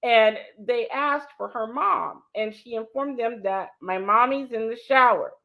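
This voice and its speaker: A woman's voice: fairly high pitch, measured pace, creaky, bright, forceful tone. A woman in her fifties, co-hosting a show, tells a personal story with emphasis, repeating key points and acting out the dialogue. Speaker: co-host sharing a personal story. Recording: dull lo-fi sound.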